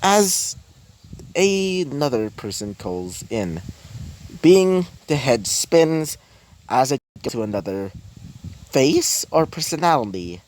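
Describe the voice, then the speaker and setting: A man improvising a fan-fiction story, halting often and circling back with fillers and restarts. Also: medium pitch, big pitch swings, a little mellow, slight background noise.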